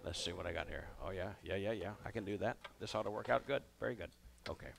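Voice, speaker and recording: A man's voice: deep voice, fast, creaky. Folksy man telling stage stories. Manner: folksy, drawling, rambling asides to the audience. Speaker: comedian and musician on stage. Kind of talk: live stage comedy storytelling. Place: ballroom stage before a live audience.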